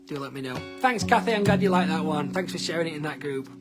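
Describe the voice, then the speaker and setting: A man's voice: fairly high pitch, animated, fast. A man, a singer-songwriter, chatting casually with viewers on a live stream from his living room, greeting people by name with plenty of ums. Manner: chatty, reads out viewer names, hesitant with many ums. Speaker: singer-songwriter and livestream host. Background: guitar.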